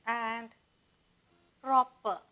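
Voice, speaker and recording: A woman with a high voice gives a classroom-style grammar lesson. She talks slowly and deliberately, pausing after each word as she works through her lists. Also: steady tone, pushed and bright, rough recording. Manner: slow, deliberate, spells out word lists with pauses. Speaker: English teacher.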